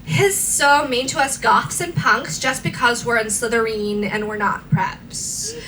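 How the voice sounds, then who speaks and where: A woman's voice: on the high side, measured pace, sharp tone. A woman reading aloud and voicing a moody, secretive teenage goth boy in a mock-brooding tone. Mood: sulky. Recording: distant, faint room noise.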